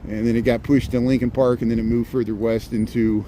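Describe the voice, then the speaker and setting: A man's voice: mid-range voice, level tone, brisk. Folksy Midwestern man walking city streets. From Indiana. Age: 40s. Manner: folksy, rambling, repeats "here" and "there". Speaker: livestream host. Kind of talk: walking livestream tour. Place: outdoors on a city street in light rain. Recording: street noise behind.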